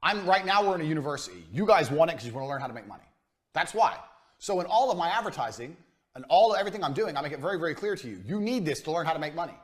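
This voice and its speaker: A man's voice: a little high, expressive, racing. A man giving a business lecture to a live audience, blunt and profane, hammering his points home through repetition. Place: university lecture room.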